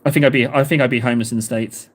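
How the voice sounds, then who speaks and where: A man's voice: medium pitch, fairly even intonation, very fast. A man with a southern English accent hosting a livestream, chatting casually to viewers in a rambling, self-mocking, jokey way. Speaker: livestream host. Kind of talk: casual chat to live viewers.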